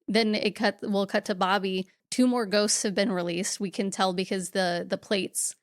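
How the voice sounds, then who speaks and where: A woman's voice: medium pitch, steady tone, moderate pace, dry recording. A woman co-hosting a podcast, casually retelling a movie scene by scene in close detail. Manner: detailed retelling with acted quotes. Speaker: podcast co-host. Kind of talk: casual movie recap chat.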